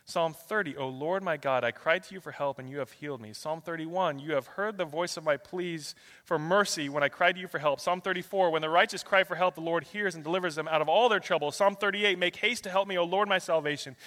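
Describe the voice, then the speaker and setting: A male pastor preaching a sermon, his delivery swinging between loud rapid bursts and soft slow passages as he runs through a long string of scripture verses. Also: fairly high pitch, long reverb tail. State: out of breath.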